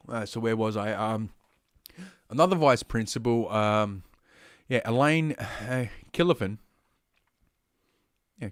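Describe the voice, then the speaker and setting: Rambling, foul-mouthed streamer, mid pitch, dead-dry mic. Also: male voice, dry recording. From Australia. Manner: profane, rambling, heavy swearing. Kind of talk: ranting commentary stream.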